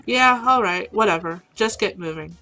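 A woman's voice: mid-range voice, normal speed, sharp tone, soft background music, lightly acted, poor audio. A woman voicing a prickly, rude woman at a bar, talking in a snappy, dismissive way. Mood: annoyed.

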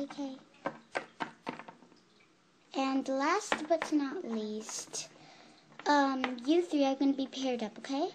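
A child voicing a fussy female pet camp counselor in a toy role-play video, halting with ums. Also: high voice, background noise. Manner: fussy, calls campers honey, halting with ums.

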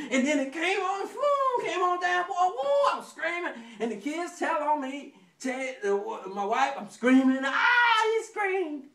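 A man's voice: extremely high pitch, a bit bright, reverberant, distant mic. A man preaching a sermon in a folksy way, acting out stories with sound effects and calling for amens. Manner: folksy storytelling, acts out anecdotes with sound effects; call and response. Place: church sanctuary.

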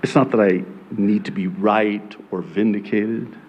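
Slow-talking, sarcastic man preaching. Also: lowish voice, highs cut off, slight background noise. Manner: sarcastic, animated, quotes critics in mocking voices. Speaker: pastor. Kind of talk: prophecy sermon from the pulpit. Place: church sanctuary.

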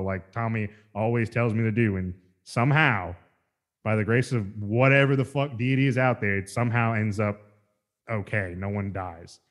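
A man's voice: lowish voice, normal speed, a bit bright. A man hosting a podcast, telling a story in casual chat, rambling and profane, with many restarts. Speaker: podcast host.

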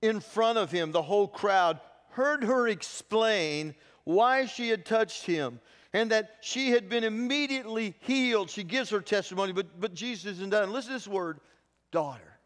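Preaching in a church sanctuary, a male pastor with a high, somewhat bright voice keeps a moderate pace. He tells the story with real animation, performing the voices of the people he quotes, while the recording carries a long church-hall reverb.

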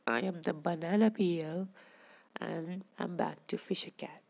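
A woman's voice: fairly low pitch, unhurried, gravelly, darkish tone. A woman giving casual commentary over her own gameplay, chatting with viewers and scolding the fish on screen.

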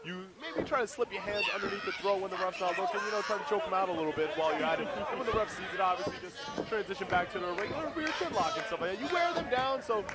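A man giving rowdy color commentary on a wrestling match, with crude jokes and sudden shouts. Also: high voice, lively intonation, very fast, few pauses. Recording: loud live crowd behind.

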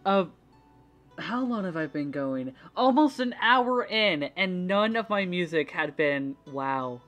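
A woman's voice: on the low side, expressive, slow pace, a bit bright, faint music behind. A young woman with a Midwestern accent and a slight speech impediment, chatting frankly on a casual stream and swearing freely. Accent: Midwestern American.

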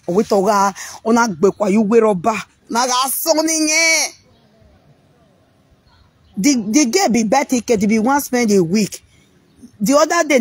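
Nigerian woman, husky voice, just chatting frankly, trips over words a lot, dry close sound. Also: on the high side, no room sound. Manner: frank, rambling, repeats words mid-sentence. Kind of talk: casual monologue.

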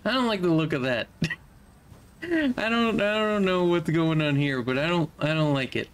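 A man's voice: a little high, lively intonation, normal speed. A young man streaming a video game, casually commenting and playfully talking to the enemies on screen. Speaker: let's play streamer.

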